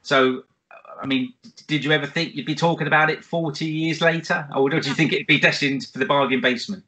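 A man's voice: fairly high pitch, steady tone, brisk, bright, forceful tone. A man co-hosting a casual podcast interview, enthusiastic and complimentary toward his guest, with "uh" fillers. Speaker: podcast co-host.

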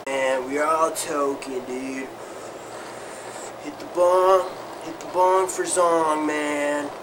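A woman's voice: sits low, pitched below the performer's own voice. A woman voicing a laid-back stoner rocker guy who drawls and keeps saying "man" and "dude", recorded from a distance with street noise behind.

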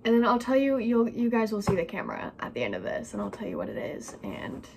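A young woman chatting excitedly in a home vlog, gushing and giggly, filmed on a phone. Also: medium pitch, fast talker, gravelly, slight background noise. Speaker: vlogger. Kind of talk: casual vlog chat. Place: home room at night. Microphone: phone camera.

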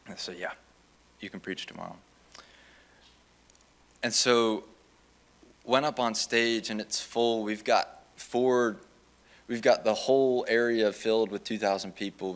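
A young man giving a chapel testimony as a student, telling his story in an animated way and acting out the lines of the people in it. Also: fairly low pitch. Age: young adult. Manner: animated, acts out quoted dialogue.

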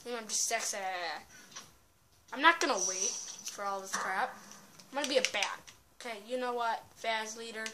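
Excitable woman yelling over gameplay. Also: fairly high pitch, moderate pace, long pauses, heavy background noise. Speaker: gameplay commentator. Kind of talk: casual gameplay commentary.

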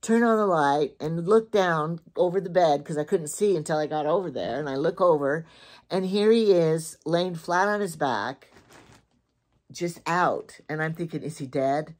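An older woman with a low-pitched voice talks in a loose, chatty way. She rambles and repeats herself, thinking aloud as she goes through her shopping haul. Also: a little slow, darkish tone. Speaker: shopping vlogger. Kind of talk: casual chat.

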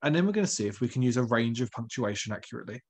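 A male primary school teacher gives a recorded online lesson, his medium-pitched, husky voice lively in intonation and very fast. He stays patient and encouraging, asking the pupils questions.

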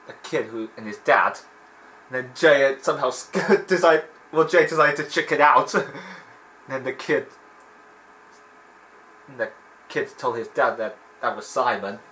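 A man's voice: medium pitch, a little slow, pauses often, sharp tone, poor audio. A man hosting a let's play, chatting in a rambling, digressive way and laughing often while he plays. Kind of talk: rambling gameplay commentary.

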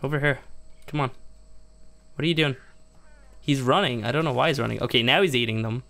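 A man doing let's-play commentary in a gravelly, mid-pitched voice. He talks himself through every move of his survival game, his voice leaping up high whenever things go wrong. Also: brisk, bright, forceful tone. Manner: exasperated, self-narrating, laughing at mishaps; jumps much higher in pitch when upset. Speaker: gaming YouTuber.

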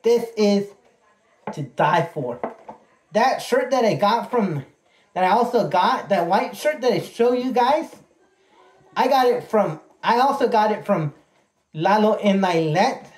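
A man chatting casually to camera while unboxing birthday presents, excitable and folksy, repeating his words. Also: sits high, unhurried. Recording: echoey room with faint noise.

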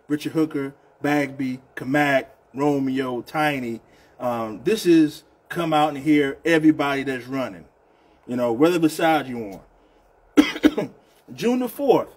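A man with a Southern US accent hosts a casual union live show, and his voice sits on the high side with a darkish tone. His live-stream talk is loose, chatty and repetitive, and he often calls people "man."

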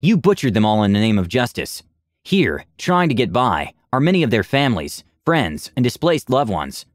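A man voicing a cold, calm male lizard-folk gentleman with a silky, measured way of speaking. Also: medium pitch, no echo, studio quality, natural voice. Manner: measured, composed.

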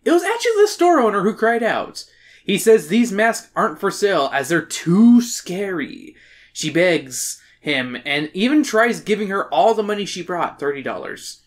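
Podcast host: woman, animated swinging delivery, jokey profane book recap. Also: mid-range voice, moderate pace. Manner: animated, swearing, joking recap. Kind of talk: casual chat, summarizing a book.

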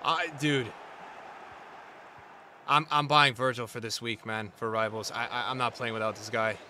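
A man streaming a football video game, talking to his chat in slangy, repetitive commentary that jumps from shouting at the referee to low muttering. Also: fairly even intonation, normal speed, slight background noise. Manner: swings between shouted outbursts and low muttering; slangy, repeats himself. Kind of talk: live gameplay commentary.

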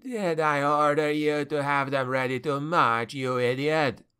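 Man playing a spoiled young elf general, sneering, imperious, high strained voice. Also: fairly even intonation, measured pace, bright, forceful tone, clean tone.

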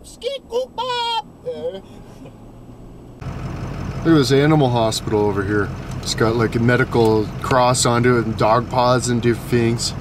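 A man's voice: mid-range voice, fairly even intonation, brisk. A man vlogging from behind the wheel, joking and swearing constantly in slangy talk. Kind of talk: casual driving vlog. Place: inside a moving car. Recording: car road noise.

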